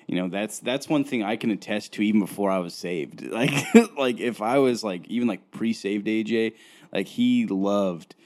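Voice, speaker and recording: Deep-voiced young man, laid-back chat. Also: normal speed, darkish tone. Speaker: podcast co-host. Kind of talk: casual chat.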